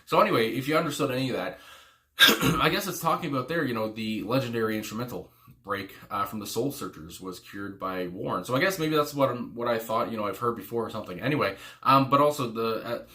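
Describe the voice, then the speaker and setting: A man's voice: medium pitch, fast, sharp tone. A man hosting a music reaction video, rambling casually with lots of "you know" fillers and frequent exclamations. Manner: exclaims "my God" often.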